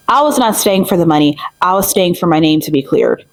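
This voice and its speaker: A young woman in her twenties recounts events in a casual, emphatic vlog manner. Her voice sits on the low side and the sound is dry and close. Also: moderate pace, dry recording, low-quality recording. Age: 20s. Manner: animated, emphatic, with many fillers. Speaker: vlogger. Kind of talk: casual storytime.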